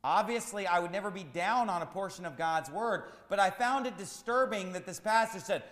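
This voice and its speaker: A man preaching a sermon as pastor, repeating his points with rising, shouted emphasis. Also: high-pitched, expressive, brisk, hardly any pauses, roomy sound, in a large hall.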